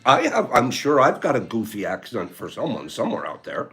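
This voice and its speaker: A man's voice: mid-range voice, huge pitch swings, brisk, a bit bright. A man hosting a casual livestream, rambling and teasing as he reads viewer comments, laughing often. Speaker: livestream host.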